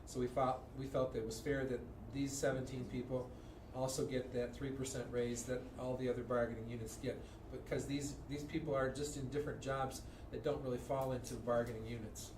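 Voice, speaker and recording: A man speaks in a flat, even tone as he explains a staff pay matter to a school board. He sounds far from the microphone in an echoey room, with clear room noise behind him. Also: mid-range voice, a little fast. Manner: flat, plain explaining with restarts. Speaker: school district administrator.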